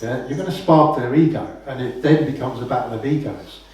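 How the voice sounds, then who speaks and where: A man with a mid-range, darkish voice speaks briskly, giving a casual, anecdotal talk as a common law speaker and often tacking "right?" onto his points. He is recorded far from the mic in a very echoey room.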